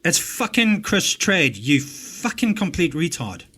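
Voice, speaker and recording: A man with an English-speaking South African accent tears into a recording with a fairly high voice. His commentary is angry and mocking, full of profanity. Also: sing-song, a little slow, pushed and bright, slightly rough. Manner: angry, swearing, mocking rants. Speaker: host reacting to a recording.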